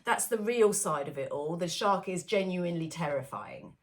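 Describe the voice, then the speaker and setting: A woman's voice: on the low side, animated, normal speed. A woman co-hosting a casual podcast about films, chatting loosely with many fillers and frequent laughs. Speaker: podcast co-host. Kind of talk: casual film-discussion podcast chat.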